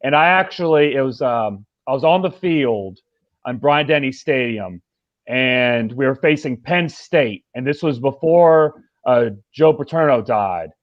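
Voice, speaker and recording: A man's voice: medium pitch, lively intonation, a little slow, no echo. A young man chatting casually on a sports talk show, rambling with lots of fillers. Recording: dry, dull lo-fi sound.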